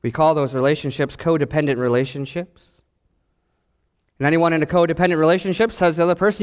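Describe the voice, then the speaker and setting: A man preaching a sermon as pastor, animated and acting out the voices in his stories. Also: on the high side, fast talker, clean tone, in a large hall.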